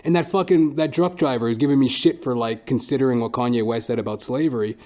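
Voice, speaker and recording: Profane, animated young podcast host. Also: male voice, medium pitch, fast. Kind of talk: casual monologue.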